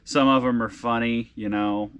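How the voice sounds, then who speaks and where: A man in his thirties hosting a casual vlog, reading fan messages aloud, halting and emotional with frequent restarts. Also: medium pitch, fairly even intonation, fairly bright tone, smooth. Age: 30s. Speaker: vlog host and tattoo artist.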